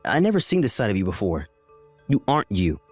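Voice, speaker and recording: A man's voice: fairly low pitch, sing-song, fairly quick, darkish tone, husky, soft background music. A man voicing a bewildered husband who keeps asking alarmed questions. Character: bewildered husband, pleading and confused. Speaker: husband in a text-message story.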